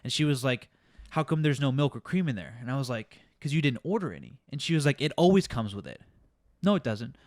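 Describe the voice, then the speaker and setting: A young man co-hosting a casual podcast, telling a work story in a profane, exasperated, animated way. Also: medium pitch, quick pace, dry recording, studio quality. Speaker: podcast co-host.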